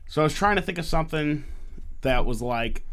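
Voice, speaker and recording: A man's voice: fairly high pitch, lively intonation, brisk, a bit bright, clear, resonant tone. Easygoing man guesting on a movie chat.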